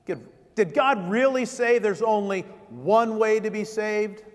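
A man's voice: high-pitched, unhurried, big-room sound. A man preaching a sermon as vicar, driving points home with repeated rhetorical questions.

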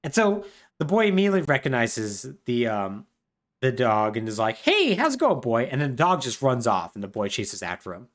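Wry, animated podcast co-host man. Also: medium pitch, fairly quick. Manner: chatty and wry, full of fillers. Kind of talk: casual plot recap.

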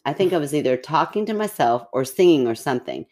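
A woman with a very deep voice co-hosts a chatty podcast. She reads listener stories aloud in an animated way and reacts with quick laughs and gasps. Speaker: podcast co-host. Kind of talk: casual chat and reading listener stories aloud.

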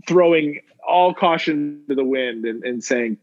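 A man's voice: on the high side, unhurried, darkish tone. A man co-hosting a podcast in casual chat, swearing often, repeating himself and laughing. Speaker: podcast co-host. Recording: muffled lo-fi audio.

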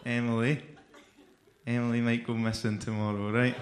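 A young Scottish man performs stand-up on a comedy club stage, swearing, mocking himself, and bantering with the crowd. His voice is medium-pitched and steady at a moderate pace, and the club sounds echoey with audience noise.

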